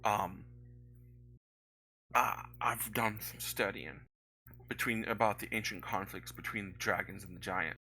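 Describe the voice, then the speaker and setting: A man voicing Maxine, a worried middle-aged woman at an inn who speaks in a soft, earnest way. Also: on the low side, fairly even intonation, unhurried, long pauses, slight background noise, voice pushed down, poor audio.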